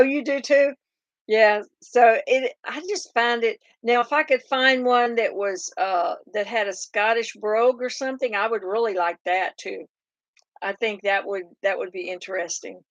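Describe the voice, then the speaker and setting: A woman's voice: mid-range voice, fairly bright tone, no echo. A middle-aged woman with a thick Southern drawl chats unhurriedly with viewers on a farm livestream. She rambles and restarts her sentences, filling the gaps with ums. Her voice sits dry and close, with almost no room sound. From Oklahoma. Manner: chatty and rambling, many fillers and restarts. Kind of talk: casual live chat reading viewer comments.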